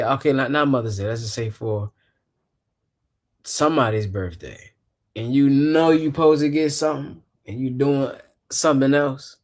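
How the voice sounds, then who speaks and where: A man hosting a casual podcast, his voice sitting at an ordinary middle pitch. He talks in a loose, rambling, laid-back way and laughs easily between thoughts. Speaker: podcast host.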